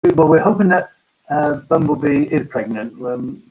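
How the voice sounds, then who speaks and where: Halting farmer hosting a live chat. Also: male voice, fairly high pitch, expressive, breathy edge, narrow, tinny audio. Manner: halting, full of ums and restarts. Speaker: farmer and live-stream host. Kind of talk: casual live-stream chat.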